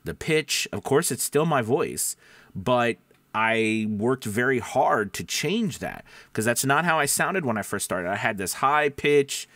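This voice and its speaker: Speaking a little slowly with lively intonation, a voice-over coach offers casual tips to voice actors on camera. His medium-pitched voice is somewhat nasal and a bit bright, with no room sound; he restarts thoughts and poses questions to viewers.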